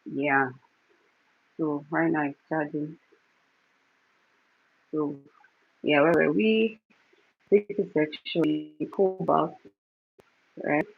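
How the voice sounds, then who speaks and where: A woman hosting a casual wig-styling livestream, giving instructions in short repeated steps and pausing now and then to soothe a crying baby. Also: deep voice, fairly even intonation. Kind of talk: casual hair tutorial livestream. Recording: dull lo-fi phone audio with clear background noise.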